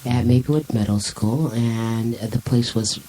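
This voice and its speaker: A woman's voice: extremely low pitch, a little slow, mellow, a little hiss or hum, low-quality recording. A woman co-hosting a casual talk show, chatty and teasing, correcting her partner and reading out definitions. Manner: teasing, talkative, reads aloud. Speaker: co-host. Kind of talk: casual banter.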